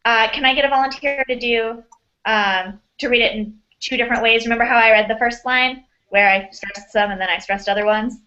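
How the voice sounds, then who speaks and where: A woman's voice: on the high side, steady tone, a little fast, sharp tone, highs cut off. A woman teaching an online class, upbeat and encouraging, heard over a video call.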